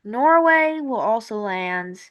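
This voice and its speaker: A woman talks through a map timeline at an unhurried pace. Her pitch swings widely as she rambles and corrects herself. It sounds like casual thinking out loud. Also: expressive, muffled recording. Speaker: map-series creator.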